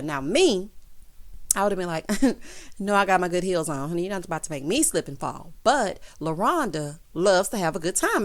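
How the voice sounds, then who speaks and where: Young woman doing a sassy reality tv recap, honey and baby every other line, acts out the quotes, middle pitch. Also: very animated, moderate pace. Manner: acts out quoted lines in changed voices. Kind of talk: casual reality show recap.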